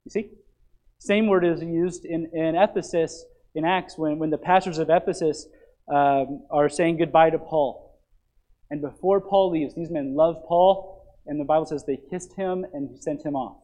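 Over a rough recording, a pastor with a slightly high voice delivers an unhurried but animated sermon. He explains scripture and asks the congregation questions.

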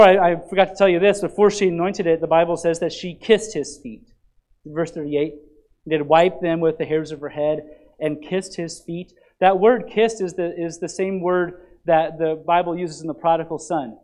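A man's voice: a little high, low-quality recording. A man preaching a sermon as pastor, explaining scripture and asking the listeners questions. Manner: animated preaching, asks the congregation questions.

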